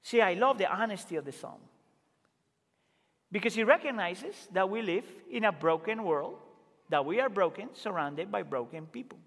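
A man preaching a sermon as pastor, earnest and emphatic, rising to loud exclamations and dropping to quiet asides. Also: high voice, expressive, moderate pace. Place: church sanctuary. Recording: reverberant church hall.

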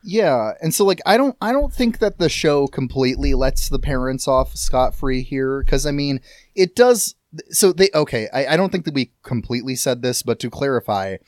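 A man's voice: medium pitch, normal speed, no echo, studio quality. A man co-hosting a casual discussion podcast, talking animatedly with frequent restarts and the odd curse. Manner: animated, rambling with restarts and swearing. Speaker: podcast co-host.

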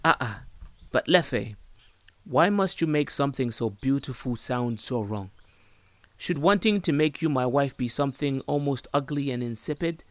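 A man's voice: mid-range voice, expressive, normal speed, dry recording, natural voice. A man voicing an eager young suitor, cheerful and pleading, in a storybook reading. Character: eager lovestruck young man courting her.

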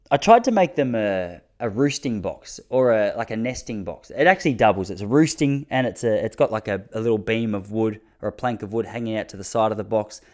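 A man telling rambling stories to his audience from his backyard, often restarting his sentences. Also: mid-range voice. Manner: rambling, self-interrupting, drops to a hushed mutter when the neighbour passes. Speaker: vlogger talking to his audience. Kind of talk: casual storytelling monologue.

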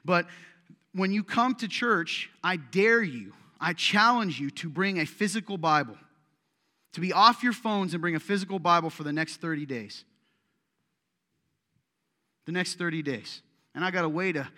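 A man preaches to his congregation in a loose, conversational style and teases the people in the pews. His voice sits high and sounds bright. A long echo from a church hall trails each phrase. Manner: joking, teasing, conversational preaching. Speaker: pastor. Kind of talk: sermon. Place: church sanctuary.

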